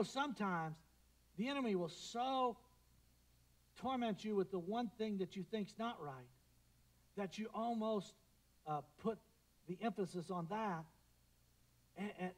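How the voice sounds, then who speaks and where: A middle-aged man preaching a sermon as pastor, swelling into loud declarations and dropping into quiet, prayerful asides. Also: high voice, rough recording.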